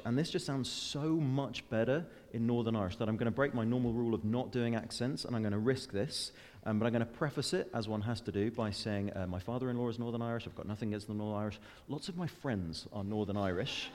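A man preaching a sermon in an earnest manner, slowing down for weighty scripture readings and breaking into chatty, self-deprecating asides. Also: lowish voice, a little mellow, big-room sound. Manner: earnest, with rising emphatic peaks and slowed, weighty readings.

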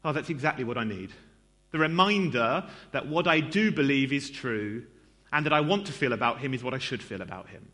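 A man's voice: medium pitch, animated, a little fast, pushed and bright. A man giving a conversational sermon in a church, self-deprecating and chatty, with lots of fillers and asides to the congregation. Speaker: preacher.

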